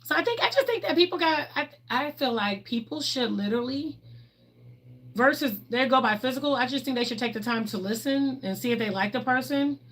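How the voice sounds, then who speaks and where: Here the same Ohio-born, Southern-raised host sounds high-pitched and expressive, with a fairly bright tone and a slightly fast delivery. Her Southern accent comes through as she chats on her livestream, bubbly, sassy and outspoken.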